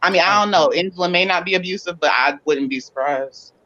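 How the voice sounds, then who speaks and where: Measured reflective panelist, mid pitch, slightly dull audio. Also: over a noisy crowd. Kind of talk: casual panel discussion.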